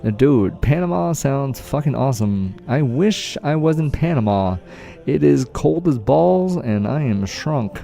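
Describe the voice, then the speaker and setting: A man's voice: medium pitch, animated, unhurried, creaky, dark tone, faint music behind. A man streaming gameplay and commenting live, hyped up, cheering himself on and swearing freely. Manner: hyped, profane, self-cheering.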